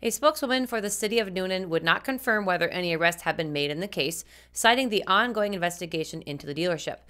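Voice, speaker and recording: A woman's voice: lowish voice, expressive, fast talker, a bit bright. A woman co-hosting a scripted consumer news commentary, speaking directly and earnestly to viewers. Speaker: co-host.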